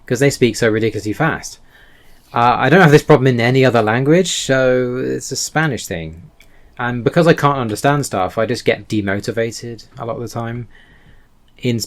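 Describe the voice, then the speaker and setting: Male vlogger, mid pitch, loose self-correcting chat to camera. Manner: rambling, self-correcting, self-deprecating. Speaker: language learning vlogger. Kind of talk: casual talking-head vlog.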